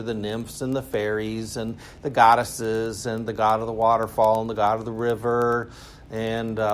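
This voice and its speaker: A man lecturing at a school, speaking casually with sarcastic, animated asides. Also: medium pitch. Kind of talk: university lecture.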